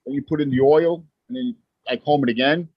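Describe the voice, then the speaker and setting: Man, husky voice, plain matter-of-fact replies, dry lo-fi recording. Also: mid-range voice, fairly quick, no room sound. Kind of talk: casual group chat. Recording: dry lo-fi audio.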